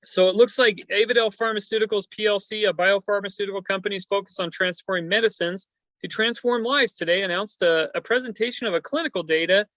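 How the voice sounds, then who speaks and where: Man with a high voice hosting a stock chat. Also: fast talker, a bit bright, no echo, muffled recording. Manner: rambling, hesitant, many fillers. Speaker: stock show host. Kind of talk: casual chat.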